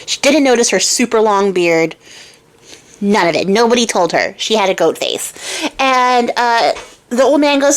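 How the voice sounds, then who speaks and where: A woman's voice: a little high, expressive, moderate pace. A woman hosting a craft channel who retells a fairy tale in a chatty, wry, casual way and laughs often. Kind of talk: casual storytelling vlog.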